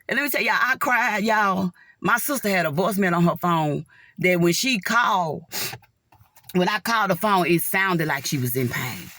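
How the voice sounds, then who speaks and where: A woman's voice: mid-range voice, normal speed, sharp tone, no echo, clean studio sound. A middle-aged woman giving a heartfelt, earnest faith testimony in casual talk, often calling her listeners y'all. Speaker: nurse sharing a faith testimony. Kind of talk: casual spoken testimony to viewers.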